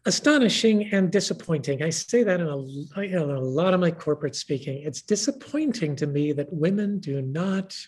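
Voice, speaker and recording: A woman's voice: sits low, moderate pace, few pauses, husky. A woman guest speaker telling stories in conversation, acting out the dialogue with animation. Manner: animated, acts out quoted dialogue. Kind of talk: conversational storytelling.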